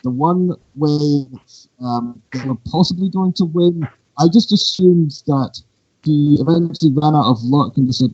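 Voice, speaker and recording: A man's voice: a little high, a little slow, warm tone, breathy edge, dry recording. A man on a casual podcast, musing through his ideas and acting out the lines he quotes. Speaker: podcast co-host. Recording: dry dull lo-fi mic.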